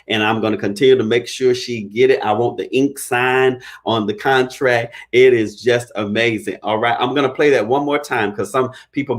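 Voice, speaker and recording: A man working as a credit repair consultant, talking casually and emphatically to his viewers, preaching and joking in turns. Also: mid-range voice.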